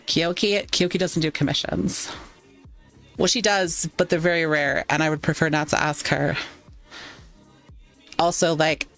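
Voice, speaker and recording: A woman's voice: on the low side, gravelly. Teary chatty woman streamer. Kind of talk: casual live-stream chat. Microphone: ASMR microphone.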